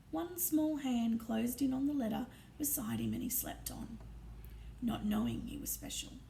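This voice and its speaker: A woman reading a storybook aloud in an expressive, often hushed narrating voice. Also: high voice, vocal fry, a little hiss or hum. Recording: roomy echo, distant mic, faint ambience.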